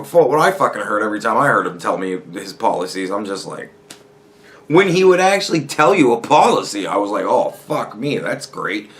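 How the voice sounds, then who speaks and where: A man's voice: fairly high pitch, a bit bright. A man hosting a podcast, ranting casually and sarcastically with heavy swearing and mocking quoted voices. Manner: profane, sarcastic, mocking impressions. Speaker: podcast host. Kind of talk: casual political rant.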